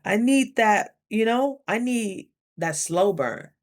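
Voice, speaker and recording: A young woman vlogging casually, chatty and animated, acting out her own thoughts in quick asides. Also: mid-range voice. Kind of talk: casual talking-to-camera vlog.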